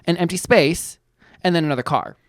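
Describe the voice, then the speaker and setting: A young adult woman co-hosting a podcast, in a casual chat, telling a story in an animated, playful way with acted-out quotes. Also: on the low side, fairly quick, no echo, studio quality. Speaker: podcast co-host.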